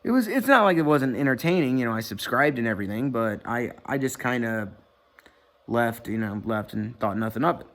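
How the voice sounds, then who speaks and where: Guy ranting into his webcam at home, mid pitch, lots of ums, restarts and cussing. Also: lively intonation, brisk, a bit bright. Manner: rambling, profane, many fillers and restarts. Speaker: vlogger. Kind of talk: casual rambling commentary to camera. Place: indoor room at home. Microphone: webcam or computer mic.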